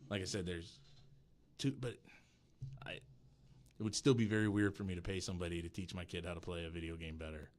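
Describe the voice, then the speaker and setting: A man's voice: deep voice, fairly even intonation, brisk, pauses often. A man co-hosting a podcast, chatting casually with dry, wry humor. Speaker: podcast co-host. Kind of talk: casual chat.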